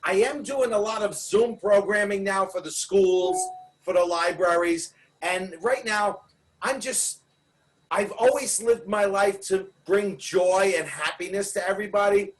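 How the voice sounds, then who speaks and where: An older man, a balloon artist chatting as a guest in a jokey, exuberant way with loud bursts over a video call. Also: high voice, measured pace, recorded from a distance, rough recording. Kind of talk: comic casual chat.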